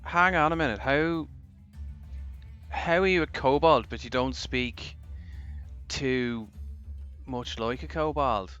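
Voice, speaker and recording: A man's voice: mid-range voice, takes it slowly, long pauses, a bit bright, smooth, highs cut off, soft background music. A man voicing a weary, beaten male half-elf monk prisoner in a tabletop game, with a put-on Irish accent and a wary, suspicious way of asking. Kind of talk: tabletop role-play voicing.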